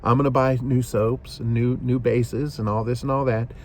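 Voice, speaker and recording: A man's voice: mid-range voice, level tone, moderate pace, a little hiss or hum. A man hosting a shaving video, talking casually to the camera in a rambling way, often repeating himself and saying "you know".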